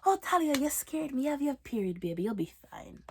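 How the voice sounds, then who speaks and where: A woman voicing a calm mother who soothes her daughter in soft, low, hushed tones. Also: brisk, vocal fry, a little hiss or hum, exaggerated voice. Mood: soothing.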